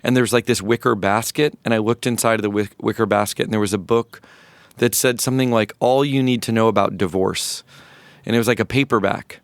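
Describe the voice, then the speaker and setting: Man in his fifties, low voice, dry close sound; candid, halting interview storyteller. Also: fairly even intonation, clear, resonant tone, no echo. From rural North Florida, USA. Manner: reflective, halting, many restarts and fillers. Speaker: musician guest.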